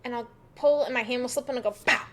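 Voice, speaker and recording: Podcast co-host, woman, higher pitch, laughing and candid. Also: quick pace. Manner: chatty, laughing, frank. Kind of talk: casual chat. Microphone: podcast microphone.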